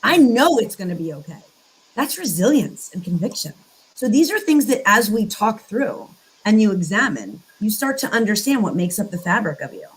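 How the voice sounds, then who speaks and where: A woman's voice: medium pitch, big pitch swings, moderate pace, slightly rough, poor audio. A woman co-hosting a casual conversation about emotions, speaking in an earnest, coaching way. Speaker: co-host.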